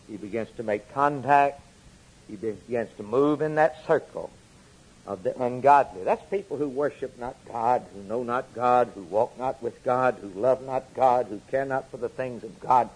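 Husky, repetitive preaching man. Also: medium pitch, a little mellow, poor audio. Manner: repetitive emphatic preaching cadence, rising and falling. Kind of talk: sermon.

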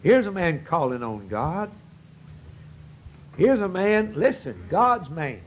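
A man's voice: sits high, big pitch swings, slow, low-quality recording. A man preaching a sermon in a folksy, earnest storytelling manner, with rising outbursts.

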